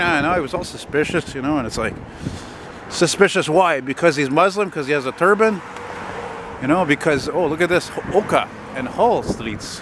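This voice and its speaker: A middle-aged man with a slightly high voice chats loosely and swears freely while walking a city street. Traffic and street noise fill the outdoor recording from a handheld camera mic. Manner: chatty, swears freely, spots buses and trucks. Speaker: vlogger filming a street walk. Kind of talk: casual rambling commentary.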